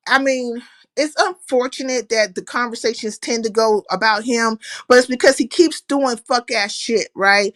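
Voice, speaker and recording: A woman's voice: fairly high pitch, a bit bright, dry recording. A woman hosting a casual livestream, talking animatedly, cursing freely and greeting viewers by name. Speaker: livestream host.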